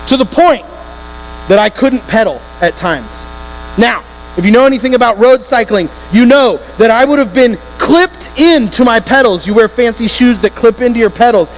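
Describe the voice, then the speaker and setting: A man preaching to a youth group, telling a story in an animated, emphatic way and speaking straight to the teens. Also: extremely high pitch. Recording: hall reverb with faint electrical hum.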